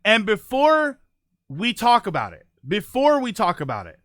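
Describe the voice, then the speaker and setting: A man with a high, animated voice hosts a casual live stream and talks straight to his viewers. He rambles and corrects himself as he goes. The sound is dry and close, with no room around it. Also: normal speed, no room sound. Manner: rambling, self-correcting, reads chat aloud. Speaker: livestream host.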